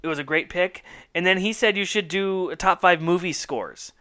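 A man co-hosting a podcast in casual chat, excitable and rambling, laughing often. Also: high-pitched, moderate pace, clear, resonant tone. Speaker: podcast co-host.

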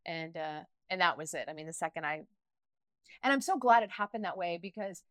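Animated middle-aged woman opening up. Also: on the low side, a little fast, no room sound. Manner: animated and emotional, with frequent restarts and laughter. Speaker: guest. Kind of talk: candid personal interview talk.

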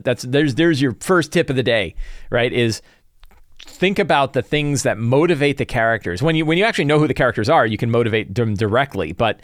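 A man's voice: mid-range voice, expressive, a little fast, no echo, clean studio sound. A man who runs tabletop games, thinking aloud about his prep in a loose, conversational way. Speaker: game master. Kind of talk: casual solo game-prep talk.

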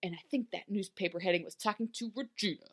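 A woman's voice: medium pitch, quick pace. A young woman co-hosting a podcast, chatting casually and with lots of laughter as she recaps a TV episode. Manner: giggly, animated, quoting characters in mock voices. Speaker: podcast co-host.

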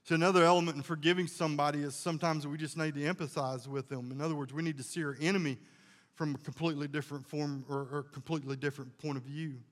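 A man's voice: a little high, fairly even intonation, quick pace, long reverb tail. A male pastor preaching a sermon in a folksy, conversational way, telling homey stories and sometimes restarting his sentences.

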